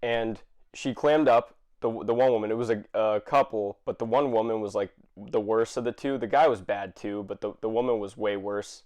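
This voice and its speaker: A man ranting to camera, exasperated and swearing, with many fillers and restarts and sudden bursts of shouting. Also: lowish voice, steady tone, normal speed. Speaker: vlogger. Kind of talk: angry rant to camera.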